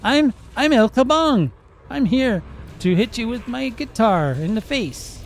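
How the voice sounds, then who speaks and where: A man's voice: extremely high pitch, animated, measured pace, slight background noise, voice pushed up, heavily acted. A man putting on a goofy, bouncy voice for a guitar-swinging hero.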